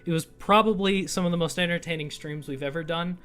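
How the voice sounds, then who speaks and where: Young man, livestream host, wry, quick laughs, a bit high-voiced. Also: a bit bright, clear, resonant tone. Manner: wry, laughs a lot, swears casually. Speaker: streamer host. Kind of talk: casual livestream commentary.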